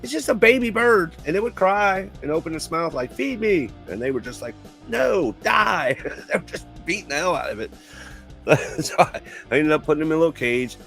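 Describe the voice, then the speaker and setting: A man's voice: on the high side, lively intonation, quick pace, fairly bright tone, soft background music. A man in casual chat on a live show, telling long stories and laughing often.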